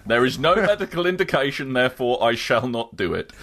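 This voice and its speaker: Lively, bright-voiced joking man. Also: mid-range voice, a little fast. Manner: joking, playful. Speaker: co-host. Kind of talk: casual gaming chat.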